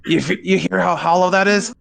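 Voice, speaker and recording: A man's voice: sits high, fairly even intonation, brisk, gravelly, a bit bright, heavily acted. A man voicing a methodical male tinkerer character in a tabletop game, talking through things step by step. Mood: explaining. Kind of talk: tabletop role-play voice.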